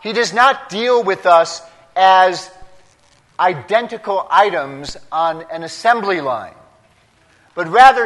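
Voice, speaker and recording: A man, a priest, preaching a homily in a slow, deliberate way, breaking his points into short emphatic phrases. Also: high-pitched, a bit bright. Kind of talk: sermon. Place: large church. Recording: long church reverb.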